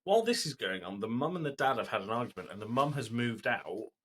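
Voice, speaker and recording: With a quick, sing-song delivery and a fairly bright mid-range voice, a podcast co-host from Britain casually rambles through a retelling of a show, full of fillers; slight background noise is audible.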